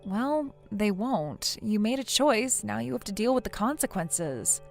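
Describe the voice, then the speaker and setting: A woman's voice: medium pitch, lively intonation, measured pace, creaky, soft background music. A woman voicing a blunt young female friend in a text-message story, lecturing firmly. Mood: stern. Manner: firm, lecturing.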